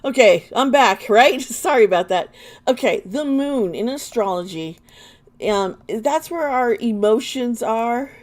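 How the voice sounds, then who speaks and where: A woman's voice: fairly high pitch, expressive, a little slow. A woman giving live tarot readings to viewers, chatty and blunt, often laughing as she talks. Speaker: tarot reader.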